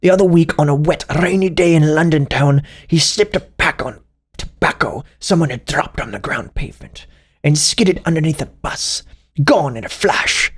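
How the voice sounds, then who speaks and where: A man voicing a pompous old British pipe-smoking gentleman in a raspy, theatrical reading. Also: a little high. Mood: wistful. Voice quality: raspy, gravelly put-on voice. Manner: grandiose, theatrical, drawn-out reading. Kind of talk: mock reading of comments aloud.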